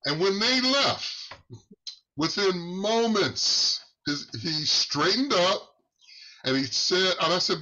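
A man with a slightly high voice shares a church testimony, speaking haltingly and without hurry, pausing and starting over as his pitch rises with excitement. The recording is muffled and lo-fi.

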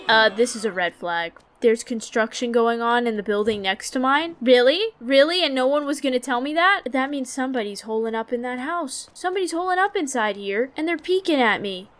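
A woman's voice: high voice, a bit bright. A young woman streaming a horror game, chatting nervously with her viewers and reacting with jumpy alarm. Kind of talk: gaming commentary.

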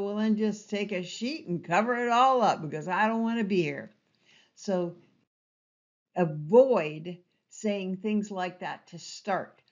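A woman trainer giving an instructional talk to camera with an expressive, emphatic delivery and varied inflection. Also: mid-range voice. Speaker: online presentation trainer. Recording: slightly dull lo-fi sound.

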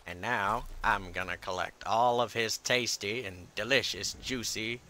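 A man's voice: fairly low pitch, measured pace, sharp tone, slight background noise. A man bantering over a video game, joking in a mock-dramatic way. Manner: jokey, mock-dramatic, drawls for comic effect. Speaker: gaming co-player. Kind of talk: casual gaming banter.

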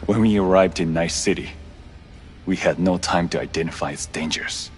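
A man's voice: low voice, faint music behind, close to an everyday voice. A man playing a serene wandering monk. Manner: serene, formal and measured. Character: calm, formal male wandering monk.

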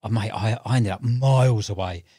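Young bloke, podcast guest, chatty storyteller, animated, dry close mic. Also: male voice, on the low side, brisk, breathy edge, no echo. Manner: animated, laughs while telling stories, acts out voices. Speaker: podcast guest, tackle shop owner and angler. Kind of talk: casual storytelling chat.

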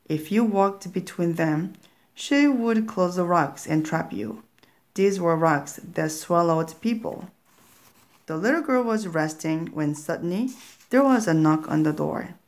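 Storybook narrator, woman, very slow and deliberate delivery, lowish voice. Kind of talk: scripted story reading for learners.

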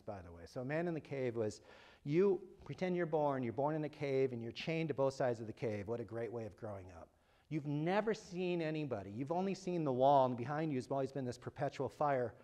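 Animated man speaking to a room of parents. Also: mid-range voice. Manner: animated, asks the audience questions, jokes. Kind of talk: lively talk to a live audience. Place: room with a live audience.

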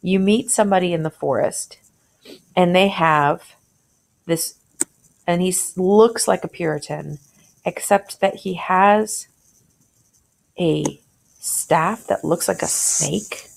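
A woman's voice: on the low side, slow pace, creaky, long pauses. A woman teacher walking through a short story in a conversational way, thinking aloud and asking questions as she annotates.

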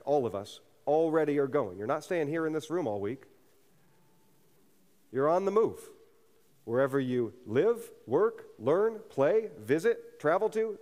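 A man's voice: fairly high pitch, darkish tone. Male pastor preaching in a reverberant church hall. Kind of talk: sermon. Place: church sanctuary.

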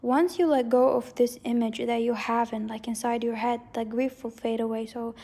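A woman gives a loose, wandering tarot reading, circling back to repeat her points and hedging as she goes. Her voice sits a little high, with a mellow, dark tone and plenty of vocal fry. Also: fairly even intonation, moderate pace. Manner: rambling, hedging, repeats herself. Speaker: tarot reader. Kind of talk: casual psychic tarot reading.

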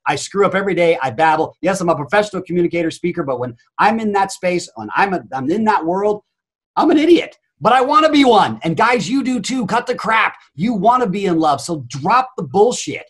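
A man's voice: sits high, lively intonation, fairly quick, hardly any pauses, a bit bright, slightly rough. A man speaking as a coaching guest on a podcast, blunt, emphatic and full of energy, swearing freely. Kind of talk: energetic interview talk.

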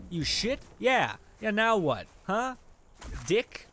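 A young man giving casual, excitable gameplay commentary, swearing a lot and yelling at enemies as he plays. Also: high-pitched, a little slow, background noise. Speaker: let's play gamer.

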